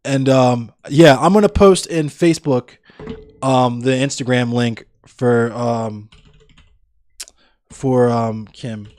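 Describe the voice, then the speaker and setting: A man's voice: medium pitch, slow pace, darkish tone. A young man livestreaming, chatting casually with viewers in a blunt, profane, ranting way. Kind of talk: casual chat with live viewers.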